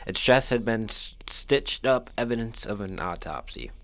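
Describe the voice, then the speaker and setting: A man reading a document aloud in a relaxed, offhand co-host style. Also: on the low side, moderate pace. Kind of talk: casual reading with banter.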